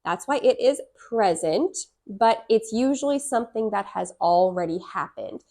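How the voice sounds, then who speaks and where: A woman teaching English grammar, reading each example sentence slowly and repeating it. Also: mid-range voice, animated, darkish tone. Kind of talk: slow, clear grammar lesson.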